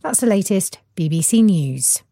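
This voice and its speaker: A woman newsreader delivering a formal radio news bulletin in a measured, steady way. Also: mid-range voice, background noise.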